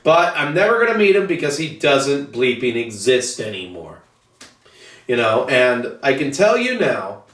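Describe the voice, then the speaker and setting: A man's voice: fairly high pitch, fairly bright tone. A man host ranting bluntly and profanely in a casual monologue about his tabletop hobby, in his basement hobby room. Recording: echoey room, far from the mic.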